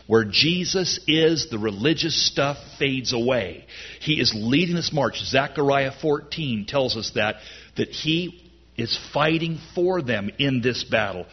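A man preaching a sermon in an animated way, his voice rising loud on key lines. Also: mid-range voice, husky, dull audio. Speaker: pastor.

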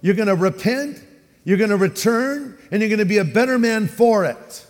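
A pastor with a Californian accent delivers a sermon in a high-pitched voice, animated and full of acted-out quotes. His words ring through a large hall with a long reverb. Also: moderate pace.

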